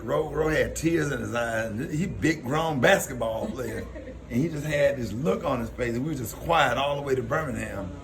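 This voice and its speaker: A man hosting a radio show, telling personal stories in a casual way and laughing often. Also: on the high side. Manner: laughs often, tells stories with quoted voices. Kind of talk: casual storytelling on air.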